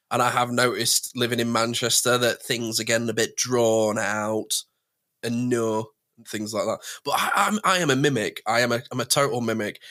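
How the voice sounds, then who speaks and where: An English man co-hosting a podcast, chatting casually and animatedly with quick asides. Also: mid-range voice, bright, forceful tone. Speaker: podcast co-host. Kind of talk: casual chat.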